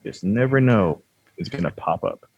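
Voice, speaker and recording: Man, podcast host, casual rambling chat, self-deprecating jokes, low voice, dry close sound. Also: animated, moderate pace, darkish tone, breathy edge, no echo, muffled recording.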